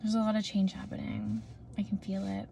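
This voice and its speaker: A young woman talks into a phone propped up in her parked car, rambling through a casual vlog with plenty of fillers and restarts. Her voice is soft and mellow. A faint hum of ambient noise sits behind her. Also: mid-range voice, big pitch swings, fairly quick. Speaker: vlogger.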